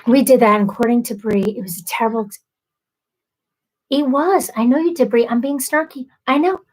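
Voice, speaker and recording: A woman's voice: on the high side, brisk, darkish tone, low-quality recording. Chatty woman hosting a livestream. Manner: chatty, self-deprecating, apologetic. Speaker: livestream host. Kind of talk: casual livestream chat.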